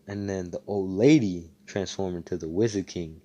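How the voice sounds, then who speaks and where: A man with a deep, mellow voice tells a fan story in a loose, rambling way. He swears freely and leans on fillers. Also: moderate pace, muffled recording. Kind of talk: casual fan story retelling.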